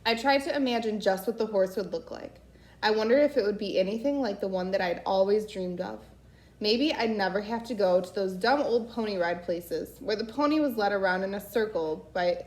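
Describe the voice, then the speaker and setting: A woman reads a children's story aloud at an easy, unhurried pace, now and then stumbling and correcting herself. Her voice sits at an ordinary pitch, and the room around her echoes noticeably. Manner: unhurried reading with slips and self-corrections. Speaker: reader. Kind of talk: reading a children's novel aloud.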